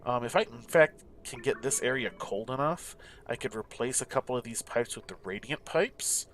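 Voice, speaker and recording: A man's voice: mid-range voice, lively intonation, normal speed, fairly bright tone. A man giving casual, mumbling let's-play commentary, musing aloud to himself as he searches around a game map. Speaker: gameplay commentator.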